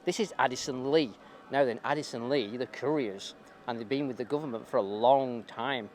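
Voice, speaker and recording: A man's voice: mid-range voice, moderate pace, a little mellow. A man vlogging a protest on a handheld camera, chatting and joking with passers-by in the street. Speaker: street video blogger filming a protest. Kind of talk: casual chat to camera and to passers-by. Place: busy city street outdoors. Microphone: handheld camera mic. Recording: noisy outdoor crowd recording. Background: crowd and traffic.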